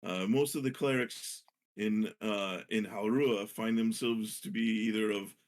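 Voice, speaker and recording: A man voicing a courteous, curious older male wizard who speaks in formal, halting phrases. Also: fairly low pitch, steady tone, natural voice. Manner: polite, formal phrasing with hesitations.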